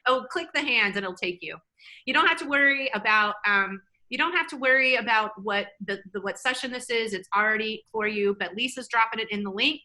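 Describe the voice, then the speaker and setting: A woman presenting a live online workshop, energetic and chatty, often cutting herself off mid-sentence. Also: a little high, a little fast, poor audio. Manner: energetic, chatty, self-interrupting.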